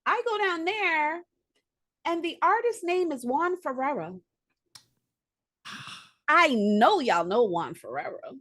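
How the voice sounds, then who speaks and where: A woman's voice: high-pitched, big pitch swings, takes it slowly, pauses often, a bit bright. A woman comic book writer telling rambling, profane stories on a video call, restarting often and acting out quotes. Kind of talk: excited casual storytelling.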